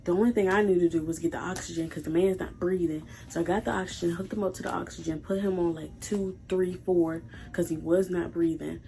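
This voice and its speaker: A woman's voice: on the low side, fairly even intonation, fairly quick, vocal fry, few pauses, dark tone. A young woman vlogging as a dialysis tech, telling a story to her viewers in a blunt, emotional way and swearing freely. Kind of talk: casual storytelling vlog.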